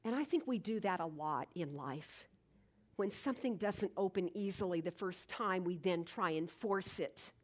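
A woman's voice: fairly low pitch, normal speed. A woman giving a reflective spiritual talk, telling everyday stories and acting out moments as she goes. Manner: animated storytelling, acts out moments. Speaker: spiritual speaker.

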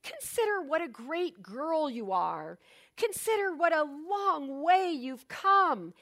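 A fretful, hand-wringing old queen from a storybook, fussing and pleading in a high voice, as a woman reads her lines aloud. She speaks slowly. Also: big pitch swings, fairly bright tone, exaggerated voice.

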